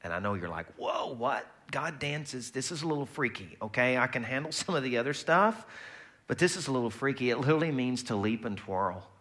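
A man preaching a sermon in a conversational, lively way, often slipping into quoted voices. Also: medium pitch, fast talker. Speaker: pastor.

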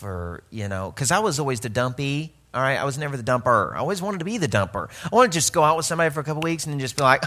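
A man's voice: medium pitch, expressive, racing, hardly any pauses, bright, forceful tone. A man from Arkansas, telling a humorous, self-mocking story in a sermon, with many restarts.

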